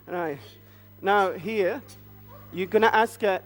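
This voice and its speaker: Slow, high-voiced man leading a church story. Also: long reverb tail, faint music behind. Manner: animated, coaxing questions to children. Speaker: children's storyteller at a church family service. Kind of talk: interactive retelling of a Bible story. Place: church hall.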